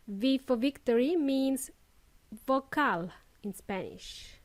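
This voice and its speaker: Woman, podcast English teacher, high-pitched, unhurried, clear demonstrations. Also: lively intonation, darkish tone. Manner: slow, clear demonstration of pronunciation, cheerful sign-offs.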